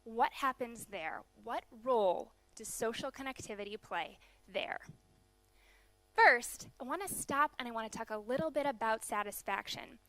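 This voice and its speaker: A young woman from the USA giving a conference keynote, explaining data in a brisk manner with some fillers. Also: fairly high pitch, lively intonation, sharp tone, dry recording. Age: young adult. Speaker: keynote speaker. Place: large conference hall.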